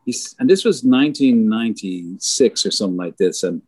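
Husky-voiced man, rambling storyteller. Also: lowish voice, expressive, normal speed, darkish tone, no echo. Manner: rambling, swears freely, acts out others' lines. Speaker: concert lighting designer. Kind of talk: casual storytelling in conversation.

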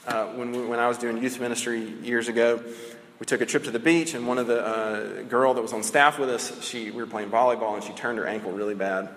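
A male pastor preaching in a relaxed, conversational style, checking in with the room by asking "right?" after his points. He slows down on the phrases he wants to stress. His voice rings with the long reverb of a large hall, over a faint room hum. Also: medium pitch. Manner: conversational, leaning on "right?" tags. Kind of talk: sermon.

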